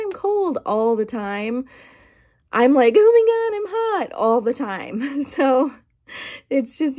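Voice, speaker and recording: A woman ASMR vlogger rambling casually and exasperated in her garage, drifting between talking and whispering. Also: mid-range voice. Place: garage at home. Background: quiet, dim garage.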